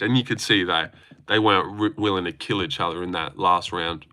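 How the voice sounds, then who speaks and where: Speaking a little fast in a lowish voice, a young man with an Australian accent hosts a relaxed livestream. He reads viewer comments aloud, bantering excitably and swearing freely.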